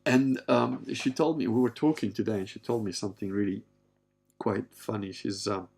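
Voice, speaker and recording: A man's voice: on the low side, steady tone, normal speed, vocal fry, a little mellow, husky. A man in his fifties talking candidly in a rambling casual monologue, blunt and given to swearing. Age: 50s. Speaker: podcast host.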